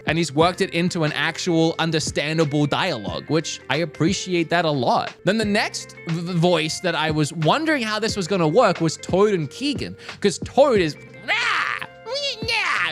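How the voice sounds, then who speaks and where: A young man talking casually and energetically, reviewing a movie trailer for his stream, with some restarts. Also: fairly high pitch. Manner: lively, animated, frequent restarts. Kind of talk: casual commentary.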